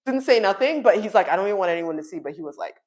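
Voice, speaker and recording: A woman in her thirties, a podcast co-host, chatting casually with lively, swearing, laughing storytelling. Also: medium pitch, racing. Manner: animated, swearing, laughs often, acts out quotes. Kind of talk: casual chat.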